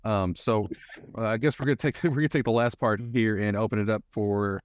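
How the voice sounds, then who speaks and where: A man with a fairly low voice hosts a live talk show in a casual, easygoing way, making self-mocking jokes. His voice sounds close and dry. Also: fairly quick, no echo.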